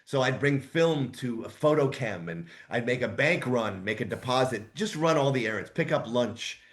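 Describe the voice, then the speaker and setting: A man in his sixties, a voice actor guest telling rambling, lively anecdotes in a casual interview. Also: medium pitch, moderate pace. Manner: rambling, animated anecdotes with asides.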